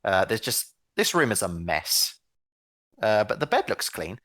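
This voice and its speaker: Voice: medium pitch, sing-song, a little slow, a bit bright, no room sound, clean studio sound. A game master casually narrating a tabletop role-playing game with many fillers.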